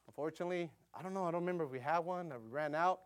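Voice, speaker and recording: This is a middle-aged missionary preacher from the United States who tells a story from the pulpit. He speaks quickly and with plenty of energy, and he keeps calling out to his congregation. His voice sits a little high for a man. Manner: animated, quick storytelling with audience call-outs. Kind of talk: storytelling sermon.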